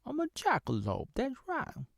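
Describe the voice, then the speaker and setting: A sassy talking jackalope with a high, theatrical voice and a gravelly edge, done by a man in a comic vlog. He speaks slowly and with dramatic indignation. The sound is dry and close. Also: huge pitch swings, dry recording, heavily acted.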